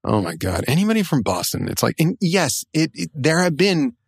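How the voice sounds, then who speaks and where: A man's voice: a little high, very animated, creaky, breathy edge, no echo, clean studio sound. A middle-aged man co-hosting a podcast in casual chat, wry and joking, shifting his pace as he talks. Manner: wry, joking, speeds up and slows down. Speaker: podcast co-host.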